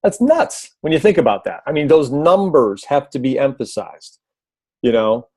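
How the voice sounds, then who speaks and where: A man's voice: medium pitch, very animated, moderate pace, husky, dry recording. A man giving casual video tips on a team call, conversational, with many fillers and restarts. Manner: briefly mimics a loud announcer voice. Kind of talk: casual instructional talk.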